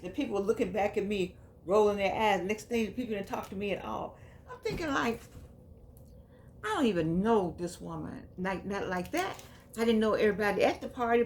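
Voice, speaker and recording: Reading book passages aloud and chatting about them conversationally, this woman vlogger keeps things down-to-earth before turning quiet and subdued. Her voice is on the high side, with a little hiss or hum in the recording.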